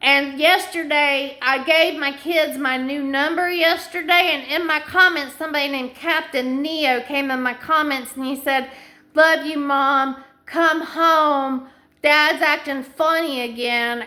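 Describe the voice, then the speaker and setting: A woman's voice: sits high, bright, forceful tone. A middle-aged woman in a rambling monologue to camera, stringing long chains of clauses together in an anxious, insistent way. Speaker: vlogger.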